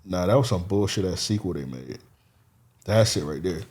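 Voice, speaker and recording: A man's voice: deep voice, animated, normal speed, a little mellow. A man on a casual podcast, telling a long story, swearing freely and laughing as he goes. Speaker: podcast co-host. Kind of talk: casual chat.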